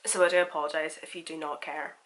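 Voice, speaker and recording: A woman's voice: deep voice, little pitch movement, quick pace, a bit bright, poor audio. A woman in her twenties with a sick, nasal voice, chatting and laughing often through a makeup tutorial. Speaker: makeup vlogger. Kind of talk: casual makeup tutorial chat.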